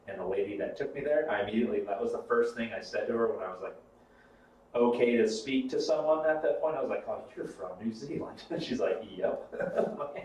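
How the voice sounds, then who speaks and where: A man's voice: on the low side, darkish tone, muffled recording, slight background noise. Rambling man in an echoey room. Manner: rambling, swears freely. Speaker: podcast co-host. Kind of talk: casual chat. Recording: echoey room, mic far off.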